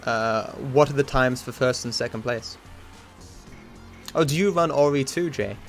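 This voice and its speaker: He's a speedrunning streamer narrating his own run on a livestream, speaking a little slowly in a medium pitch with soft music behind him. Frequent swearing, chatter with viewers between attempts, frustration and self-mockery all mark his commentary.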